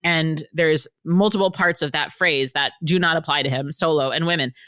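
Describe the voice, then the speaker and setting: A woman's voice: sits low, fairly even intonation, moderate pace, a bit bright, dry recording, clean studio sound. A woman author talking as a podcast guest, telling stories animatedly and acting out the quotes. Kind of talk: casual storytelling in a podcast interview.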